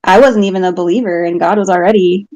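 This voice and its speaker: A woman's voice: fairly low pitch, fairly even intonation, quick pace, darkish tone, no echo, poor audio. A woman, a guest on a talk show, candidly telling a personal story and laughing at herself now and then. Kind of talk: casual personal testimony.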